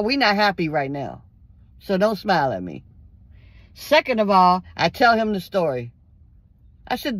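A woman's voice: mid-range voice, big pitch swings, measured pace, long pauses, no room sound. A woman, telling a story vlog in a heated, profane rant and acting out the argument. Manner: profane, heated venting, acts out the exchange. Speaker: vlogger.

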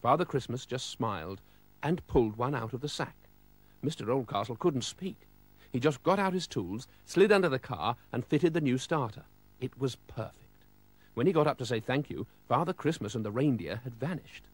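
A man reading a children's storybook aloud with lively, expressive storytelling. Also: mid-range voice, moderate pace.

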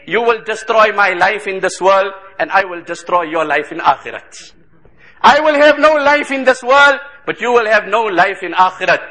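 A male preacher with a very high, bright, forceful voice delivers an impassioned sermon at a rapid clip. He switches between urgent address and chanted Arabic recitation. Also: rough recording.

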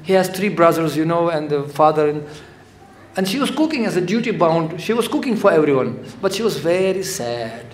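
A man with a high voice giving a devotional lecture, telling stories in a lively, conversational way. His voice rings through a roomy hall, with a faint hum underneath. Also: normal speed. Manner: conversational, animated, acts out quotes. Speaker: spiritual lecturer. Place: temple hall. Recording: echoey hall with faint noise.

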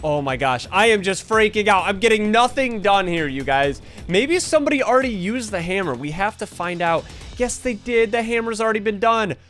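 A man's voice: high voice, lively intonation, a little fast, few pauses, fairly bright tone, soft background music. A young man hosting his gaming channel, giving jumpy, panicky commentary full of gasps and yelps as he plays. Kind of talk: excited gameplay commentary.

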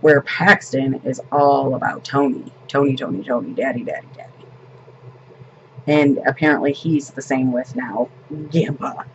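A woman's voice: a bass voice, normal speed, muffled recording, a little hiss or hum. A woman in her fifties, a grandmother and vlogger, telling a family story in casual, rambling chat.

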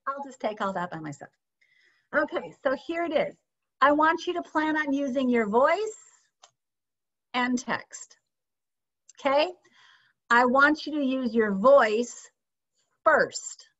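A woman teaching a sales training session, lively and often checking in with her audience with questions. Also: sits high. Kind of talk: training session on a video call. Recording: slightly dull lo-fi sound.

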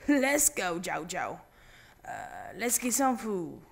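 High, lively jokey male gamer. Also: slow pace, creaky, slight background noise. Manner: random, jokey, excitable banter. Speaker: gaming channel host. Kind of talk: casual let's play commentary.

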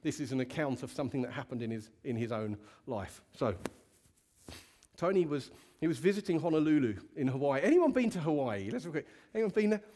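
A male pastor preaches to his congregation in a relaxed, candid and conversational way. His voice sits a touch high for a man, and he keeps the talk loose and storytelling in tone. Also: brisk. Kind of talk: sermon. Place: church hall with a congregation.

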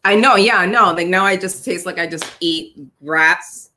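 Wry, bright-voiced woman co-host. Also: on the low side, moderate pace, slight background noise. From United States. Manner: wry, complaining, laughs through her words. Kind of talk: casual live-stream tasting chat.

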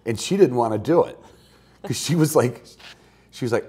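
A man's voice: medium pitch, animated, normal speed, pauses often, mellow, slightly rough. A road-weary man hosting a podcast in casual, rambling chat, joking about himself between asides, recorded at a picnic table in a garage. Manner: jokey, self-mocking, rambling asides. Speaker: podcast host.

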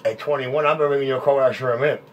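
A man's voice: mid-range voice, fairly even intonation, quick pace, very noisy. A man on CB radio, repeating his call signs in a sing-song chant. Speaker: CB radio operator. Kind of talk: CB radio chatter. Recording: muffled CB radio audio.

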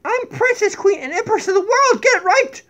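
A man voicing a vain, bossy female donkey puppet who calls herself queen of the world, in a shrill, grandiose, giggly manner, recorded on a tablet in a home kitchen. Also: lively intonation, normal speed, fairly bright tone. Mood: haughty. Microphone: tablet built-in mic.

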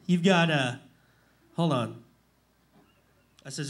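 High-voiced, emotional rodeo clown. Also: male voice, very animated, a little slow, pauses often, a bit bright. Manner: emotional, laughing, rambling storyteller. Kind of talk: casual talk-show storytelling. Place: live show before an audience.

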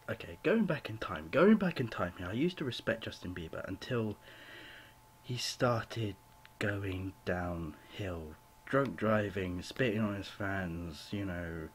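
Young guy ranting into his laptop mic at home, lowish voice, faint hiss behind. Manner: rambling, apologetic, full of "you know" fillers. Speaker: vlogger. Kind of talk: rambling home video rant. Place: home room with a cat.

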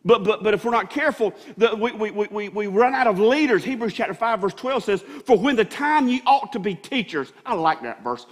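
A pastor preaches from the pulpit in a high, ringing voice, repeating and restarting phrases as he builds toward his point. His voice trails off into the long reverb of the church sanctuary around him. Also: expressive, fairly quick, hardly any pauses. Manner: preaching with many restarts and rising emphasis. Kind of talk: sermon.

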